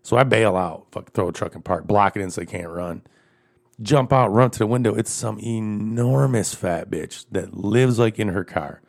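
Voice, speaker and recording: Gravelly, profane storytelling man. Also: on the low side, moderate pace. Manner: crude, profane, animated storyteller who often laughs. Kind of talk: casual storytelling chat.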